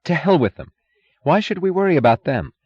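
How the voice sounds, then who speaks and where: A man's voice: a little high, expressive, brisk, darkish tone, breathy edge, no echo, dull audio, pitched above the performer's own voice. A man reading an audiobook, voicing a smug middle-aged bureaucrat who preaches in an oily, sanctimonious manner. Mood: preachy.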